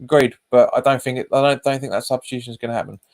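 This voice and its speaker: A man talking through a live football watch-along, mid-pitched and relaxed. He chats casually, reacts to the match and to his viewers' comments, and calls them "mate," all picked up by a webcam. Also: very fast. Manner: casual, says "mate" often. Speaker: host of a football fan channel.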